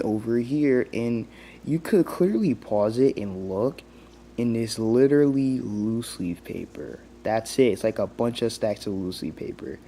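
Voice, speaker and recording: A young man vlogging a rambling rant, stumbling and restarting as he talks. His voice is fairly low and dark. A faint hiss sits under the recording. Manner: rambling, heavy use of "like", many restarts. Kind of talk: casual rant commentary.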